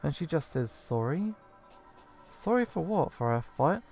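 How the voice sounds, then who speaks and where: Man voicing a halting, uneasy bartender woman from a game, gravelly, soft game music behind. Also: on the high side, big pitch swings. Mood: angry. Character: bartender woman, anxious and bitter. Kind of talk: reading game dialogue aloud.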